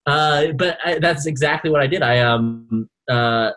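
A man's voice: on the high side, a little slow, fairly bright tone, rough recording. A man co-hosting a podcast, chatting casually and rambling with lots of fillers and restarts. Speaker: podcast co-host.

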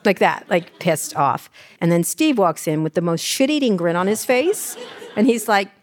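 Speaking at a moderate pace in an expressive, mid-range voice, a woman in her sixties tells candid stories on stage about her memoir. Her anecdotes are irreverent and profane, and she mimics the characters in them during the live interview.

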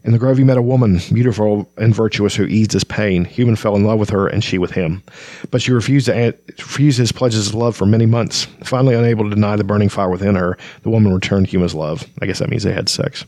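A man's voice: fairly low pitch, quick pace, dark tone, no room sound. A man reading passages from a fantasy novel aloud, stumbling over words and summarizing between them with many ums and uhs. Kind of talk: casual book reading with commentary.

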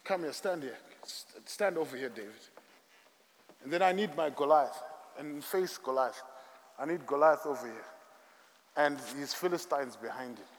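A man preaching a sermon with dramatic, emphatic, drawn-out phrasing. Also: a little high, expressive. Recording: echoey hall.

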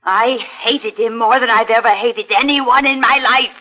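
An actress playing a hateful, unstable woman in a 1950s radio drama, halting one moment and gloating the next. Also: on the high side, pushed and bright, poor audio. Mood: menacing. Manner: halting, then gloating and menacing. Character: unhinged, hate-filled younger sister with a knife.

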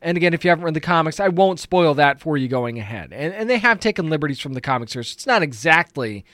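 Man reviewing a TV episode, enthusiastic and rambling, slightly raised pitch, dry recording. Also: expressive, fast, fairly bright tone, dry recording. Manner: enthusiastic, rambling, lots of fillers. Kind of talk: casual recap and review.

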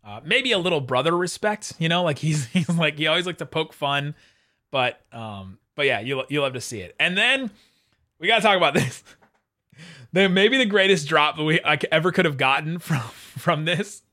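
A man hosting a casual sports podcast, chatty and quick to laugh, often restarting his sentences. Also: on the high side, expressive, bright, forceful tone. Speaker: podcast host.

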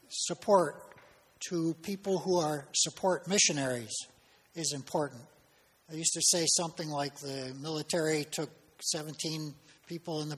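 An older man, a retired missionary, giving brief thank-you remarks in a plain, reflective, measured way in a church sanctuary. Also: a little high, a bit bright, breathy edge. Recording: long reverb of a church hall.

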